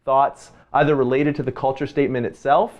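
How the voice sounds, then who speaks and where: A man hosting a relaxed church discussion, telling stories and joking with his guests. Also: mid-range voice, brisk, highs cut off. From Canada. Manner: storytelling, relaxed and jokey. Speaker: host, pastor. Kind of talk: casual faith discussion.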